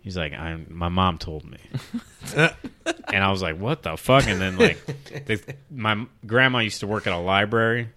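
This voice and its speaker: A man chats casually on a podcast, telling crude stories and laughing often. His voice sits a bit low but sounds bright and forceful. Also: normal speed. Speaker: podcast co-host. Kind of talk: casual chat.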